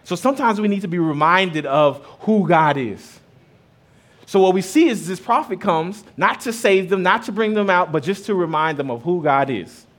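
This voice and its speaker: With a high-pitched, animated voice at a normal pace, this man in his thirties preaches conversationally as a pastor. Scripture and stories about his children intertwine, and his loudness goes up and down throughout.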